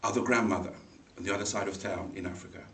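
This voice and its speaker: A man giving a humorous personal story as a speech, animated and acting out the people in it. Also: low-pitched, quick pace. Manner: animated, acts out voices in the story, laughs along. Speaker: speaker at a speaking club. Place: meeting room. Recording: echoey room, mic far off, faint noise.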